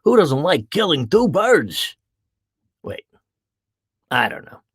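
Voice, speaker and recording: A man's voice: a little high, sing-song, slow pace, husky, no echo, clean studio sound. A man hosting a casual livestream podcast, playful and jokey, greeting viewers by name as he chats. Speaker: podcast host.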